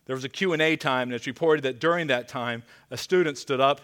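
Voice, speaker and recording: A man preaching a sermon as pastor, earnest and pleading, dropping to a hushed voice for emphasis. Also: mid-range voice, a little fast.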